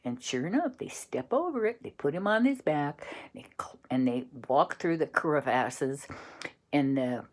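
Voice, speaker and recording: A woman telling an improvised bedtime story, slow and searching for words as she goes. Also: low-pitched, animated, darkish tone.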